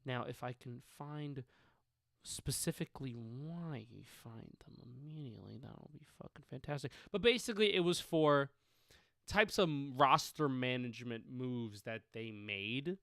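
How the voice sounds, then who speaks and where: Bright-voiced profane male sports podcaster. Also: mid-range voice, animated, a little slow, gravelly, no room sound, clean studio sound. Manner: profane, loose, joking. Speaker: podcast co-host. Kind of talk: casual sports chat.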